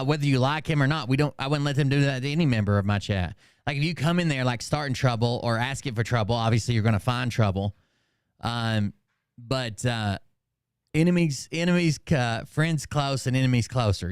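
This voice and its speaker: A man's voice: mid-range voice, smooth, dry recording, clean studio sound. A man hosting his channel, ranting casually with lots of swearing and rambling restarts. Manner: profane, rambling, exasperated. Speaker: channel host. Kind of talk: casual livestream rant.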